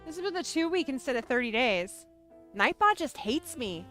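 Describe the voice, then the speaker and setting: A high-pitched woman with a bright, ringing tone hosts a relaxed livestream. She is bubbly and playful, teasing and cheering her viewers, and faint music plays behind her. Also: moderate pace. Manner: bubbly, playful, talks to chat. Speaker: livestream host. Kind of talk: casual livestream chat.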